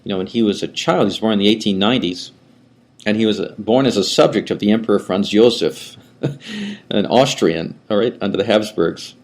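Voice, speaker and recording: Older priest lecturing in a low voice. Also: male voice, sing-song, a little fast. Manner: rambling, with frequent restarts and asides. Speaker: Orthodox priest teaching a class. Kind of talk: conversational lecture.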